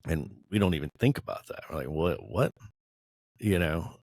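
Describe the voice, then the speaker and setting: Brief: low-voiced man in his forties, earnest and candid, dry close recording, self-deprecating storyteller. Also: quick pace, darkish tone, no echo. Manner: earnest, self-deprecating, laughs while telling stories. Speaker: podcast panelist. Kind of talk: candid group discussion.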